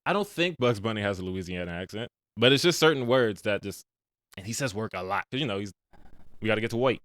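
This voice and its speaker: Lower-voiced young man, fast animated storyteller. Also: dry recording. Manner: animated storyteller, retells scenes with slangy asides. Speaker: podcast host reviewing movies. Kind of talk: casual chat.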